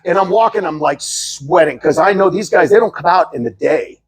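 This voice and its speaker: A middle-aged man with a Pittsburgh accent, telling lively anecdotes in casual chat and acting out the people in them. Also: sits high, moderate pace, slightly rough. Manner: animated, laughing, acts out voices in anecdotes. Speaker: artist telling stories.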